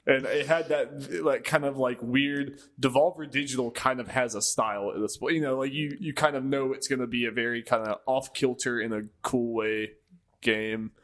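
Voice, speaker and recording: A man guesting on a gaming podcast, relaxed and laughing as he retells trailers. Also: mid-range voice, moderate pace. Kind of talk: casual chat.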